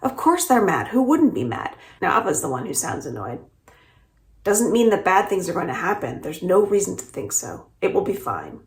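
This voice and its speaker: A woman's voice: lowish voice, big pitch swings, moderate pace. Annoyed dismissive father, as a woman reads him. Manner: brushing off worries. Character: annoyed, dismissive immigrant father and shop owner. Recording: roomy echo.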